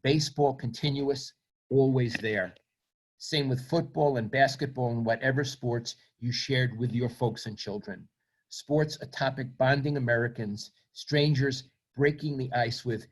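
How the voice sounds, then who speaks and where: A man's voice: medium pitch, measured pace. A man, reading from his book and then talking about himself in a reflective, self-deprecating way. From Brooklyn, New York. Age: 70s. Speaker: author.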